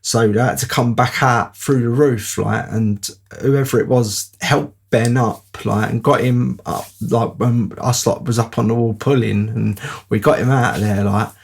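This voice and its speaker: Gravelly man telling a story. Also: mid-range voice, steady tone, measured pace. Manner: rambling, with fillers and laughs. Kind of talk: casual spoken anecdote.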